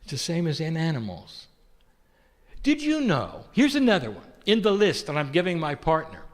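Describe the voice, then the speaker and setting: A man's voice: a little high, wildly swooping pitch, normal speed. A man giving a channeled spiritual teaching to a live audience, calling the listeners "dear one" and posing rhetorical questions. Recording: echoey hall.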